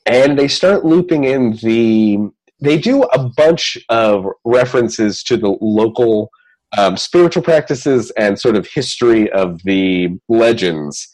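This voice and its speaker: A man's voice: mid-range voice, lively intonation, slow, darkish tone, rough recording. A man casually recapping a film's plot in a chatty, joking way, rambling and laughing often. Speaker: podcast co-host recapping a film. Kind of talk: casual chat.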